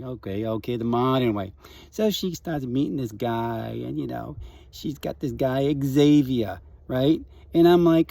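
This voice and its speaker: A man's voice: fairly high pitch, animated, normal speed, a little mellow, no room sound. A middle-aged man with a Bronx accent, telling a rambling comic monologue full of asides. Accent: New York, Bronx. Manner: rambling, full of "you know" and "right?". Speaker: comedic character host.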